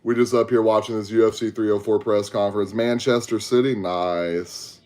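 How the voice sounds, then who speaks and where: A young Texan with a Southern accent hosts a podcast livestream, chatting casually with viewers through a headset mic. He is laid-back and slangy and talks to chat. His voice is on the low side, a little mellow, with fairly even intonation and a moderate pace.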